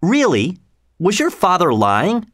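A man reading a storybook voices a cunning beggar boy who wheedles and schemes. The voice is lifted and sing-song, sly rather than loud, on a dry close mic. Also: sits high, huge pitch swings, takes it slowly, no room sound, pitched above the performer's own voice, exaggerated voice. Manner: coaxing, sly.

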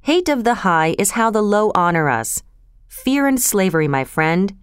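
A woman voicing a cruel, cold aristocratic marquis in a storybook reading, with a smooth, dry voice. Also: mid-range voice, big pitch swings, normal speed, no room sound, lightly acted. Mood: contemptuous. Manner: cold, dismissive.

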